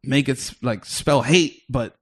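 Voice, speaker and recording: A male comedian from the Bronx talking on a podcast. He rambles through his story with plenty of restarts and casual swearing, and slips into other people's voices as he quotes them. His pitch sits in an ordinary middle range. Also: a little slow, fairly bright tone. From New York, the Bronx.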